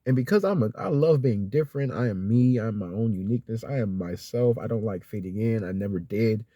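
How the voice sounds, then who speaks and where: A man's voice: fairly low pitch, lively intonation, brisk, warm tone, no room sound. A young man telling a personal story in a vlog. He is sincere and rambling, with lots of fillers, and close to tears at times. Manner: rambling and heartfelt, with many fillers and restarts. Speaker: vlogger.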